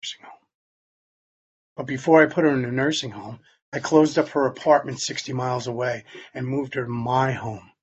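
A man telling a personal story in plain, halting words, sometimes dropping almost to a whisper. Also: medium pitch, fairly even intonation, dull audio. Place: Long Island, New York.

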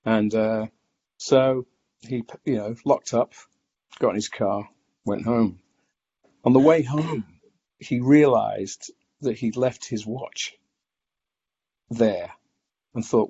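A man telling his own story in a reflective, halting way, with many restarts and fillers. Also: mid-range voice, mellow, slightly rough. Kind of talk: personal testimony. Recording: dull lo-fi recording.

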